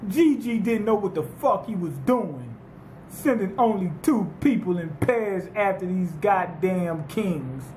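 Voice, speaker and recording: A man giving a casual, profane manga chapter review, rambling and excitable with lots of fillers. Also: high-pitched, measured pace, reverberant, a little hiss or hum, low-quality recording.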